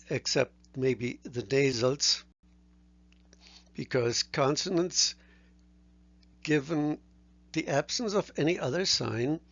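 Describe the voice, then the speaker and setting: A man teaching a language lesson, explaining sounds slowly and carefully and sounding out each letter. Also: on the high side, dry recording, lo-fi sound. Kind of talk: recorded lecture.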